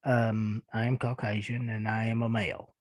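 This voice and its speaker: A man's voice: fairly low pitch, level tone, normal speed, dry recording, low-quality recording. A man with a thick Eastern Kentucky accent hosting a podcast, reading listener emails aloud and answering them in a laid-back, chuckling, self-deprecating way. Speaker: podcast host.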